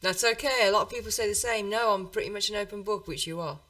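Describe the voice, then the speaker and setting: Woman podcast host, bright voice, laughs a lot, gushing and chatty. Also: medium pitch, quick pace. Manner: giggly and effusive, laughs often. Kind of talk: casual interview chat.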